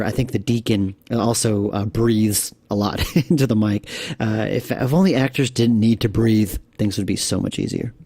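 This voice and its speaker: Male dev commentary, lowish voice, rambling and hesitant. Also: darkish tone. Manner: rambling, hesitant, lots of fillers. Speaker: game developer giving commentary. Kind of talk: director's commentary.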